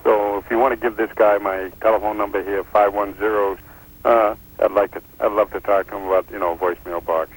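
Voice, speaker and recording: A man leaving a halting phone message full of pauses. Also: fairly low pitch, steady tone, husky, poor audio. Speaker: caller.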